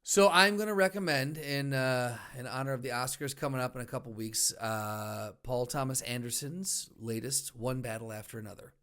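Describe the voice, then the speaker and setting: A man's voice: mid-range voice, normal speed, hardly any pauses, a bit bright. A man in his thirties co-hosting a podcast, laid-back and agreeable in casual chat. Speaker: podcast co-host.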